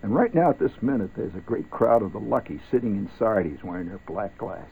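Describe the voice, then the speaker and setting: A low-voiced man with a gravelly edge drifts from thought to thought as a late-night radio host, wry and unhurried, talking to the folks at home. The sound is thin and tinny, like an old AM broadcast, with a faint hiss underneath. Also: sing-song. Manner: wry, meandering, talks straight to listeners. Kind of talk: rambling ad-libbed radio talk.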